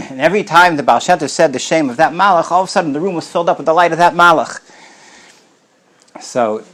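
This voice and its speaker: A rabbi gives a storytelling Torah lecture in a casual manner, often clearing his throat and restarting words as he mixes in Yiddish and Hebrew terms. His voice sits on the high side, a bit bright, and moves a little fast.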